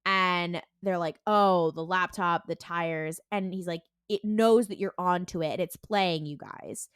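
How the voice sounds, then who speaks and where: A woman's voice: fairly low pitch, clear, resonant tone, no echo, studio quality. Woman animatedly retelling a TV episode. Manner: animated retelling, acting out lines in quick character voices; heavy use of "like" and "and he's like". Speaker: podcast co-host. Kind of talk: casual episode recap.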